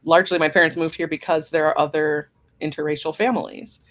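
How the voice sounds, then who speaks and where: A woman co-hosting a podcast who introduces herself in a casual, conversational chat, with quick affirmations while her partner talks. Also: deep voice, steady tone. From United States. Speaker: podcast co-host, career coach.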